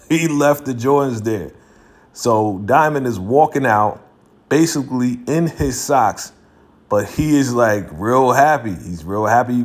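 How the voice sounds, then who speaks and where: A man hosting his own video, recapping a TV episode in a slangy, casual way and laughing between lines. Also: on the low side. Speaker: video host reviewing a TV episode.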